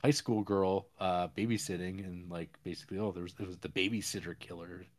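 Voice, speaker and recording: Lower-voiced man rambling through a recap. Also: steady tone, a little fast. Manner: rambling, loose plot retelling. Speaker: podcast host. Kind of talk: casual movie-recap chat.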